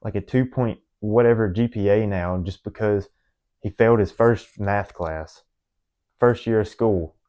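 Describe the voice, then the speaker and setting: A young man with a drawl speaks in a lowish voice. He rambles earnestly through a personal confession to the camera, stumbling over restarts and fillers. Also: measured pace, clear, resonant tone, muffled recording. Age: young adult. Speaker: vlogger.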